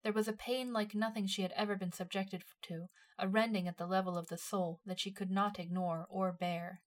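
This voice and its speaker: Casting: woman narrator, mid-pitched, measured expressive storytelling. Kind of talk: storytelling narration of fan fiction.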